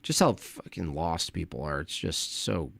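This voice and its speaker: A man's voice: sits low, lively intonation, a little slow, creaky, no echo. Profane rambling male livestreamer. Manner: rambling, profane, trailing off into mutters. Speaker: livestream host. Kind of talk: late-night livestream rant.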